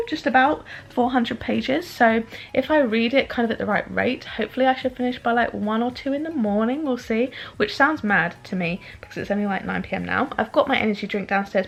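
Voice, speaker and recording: A woman's voice: on the high side, gravelly. A young woman chatting casually to camera in a book vlog, rambling and saying "like" a lot. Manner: chatty, rambling, says "like" often. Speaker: book vlogger.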